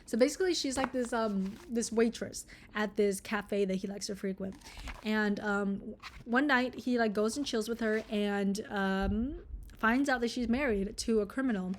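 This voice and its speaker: A woman's voice: medium pitch, normal speed, slight background noise. A young woman reviewing a book in a casual vlog, ranting, sarcastic and swearing freely. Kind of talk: casual book review with read-aloud passages.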